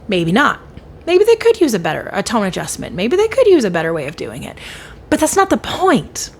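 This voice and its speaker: A woman's voice: fairly high pitch, huge pitch swings, moderate pace, slight background noise. Earnest woman coaching on conflict. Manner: earnest, coaching, acts out quoted replies in shifting tones. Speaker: podcast host. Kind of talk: solo podcast talk on healing.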